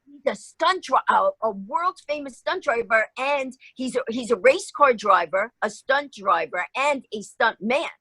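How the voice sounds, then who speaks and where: Husky-voiced woman telling a lively story. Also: on the high side, unhurried, few pauses, dry recording, rough recording. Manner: lively, acts out voices in her anecdotes. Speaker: guest. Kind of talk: animated storytelling in an interview.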